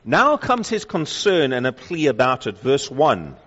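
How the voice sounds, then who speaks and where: A man preaching a sermon, reading scripture aloud and slowing down to stress key phrases with emphasis. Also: medium pitch, big pitch swings, a bit bright. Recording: dull lo-fi sound with long hall reverb.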